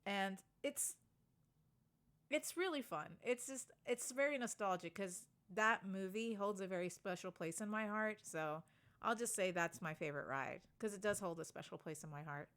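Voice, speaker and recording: Bright-voiced woman telling animated stories. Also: medium pitch, moderate pace. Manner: animated storytelling, swears when annoyed, laughs often. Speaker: podcast co-host. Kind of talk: casual chat.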